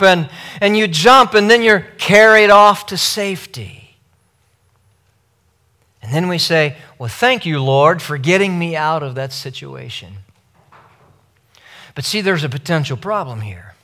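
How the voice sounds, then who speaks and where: Bright, high-voiced man preaching. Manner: emphatic, repeats key phrases, addresses listeners as beloved. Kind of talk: sermon.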